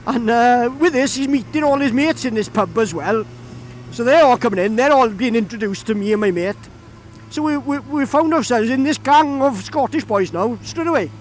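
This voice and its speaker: A young Welsh vlogger with a Welsh accent tells a casual anecdote outdoors by a road, chatty and laughing as he goes. His voice is very high-pitched and expressive at normal speed, with a little hiss or hum in the recording.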